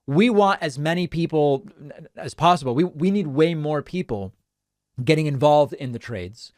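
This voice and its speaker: A man hosting a call-in political talk show, thinking out loud with animated emphasis. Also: fairly high pitch, moderate pace, no echo, clean studio sound.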